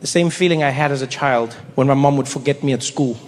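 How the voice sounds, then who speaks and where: A man's voice: mid-range voice, fast. A man performing stand-up comedy, telling a story and acting out voices. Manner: storytelling, lively with acted voices. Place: live comedy venue. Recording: reverberant hall with faint crowd noise.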